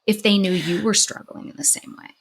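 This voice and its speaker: A woman's voice: medium pitch, steady tone, fairly quick. A middle-aged woman host speaking in an ordinary mid-range voice, talking candidly and with feeling. She restarts often and leans on fillers as she shares a personal story, and at moments her voice breaks with tears. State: crying at times. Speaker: podcast host and psychologist.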